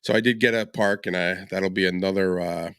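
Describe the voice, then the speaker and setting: Animated male podcast host telling stories. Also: low voice, fairly quick, clear, resonant tone, no room sound, clean studio sound. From northern United States. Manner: animated storyteller who acts out quoted people and laughs often. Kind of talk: casual storytelling chat.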